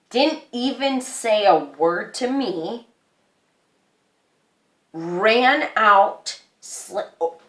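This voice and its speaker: A woman's voice: mid-range voice, fairly bright tone, echoey room. A young woman telling a personal story in an emotional, rambling way, with many restarts.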